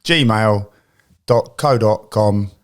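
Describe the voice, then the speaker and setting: Jokey english guy in his 40s hosting a podcast, lowish voice, rambles a lot. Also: drawn-out words. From England. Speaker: podcast host. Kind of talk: casual chat.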